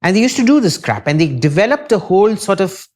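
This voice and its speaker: Lively Indian man holding forth. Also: high voice, quick pace. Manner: emphatic, opinionated lecturing. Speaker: podcast guest. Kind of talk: casual podcast discussion.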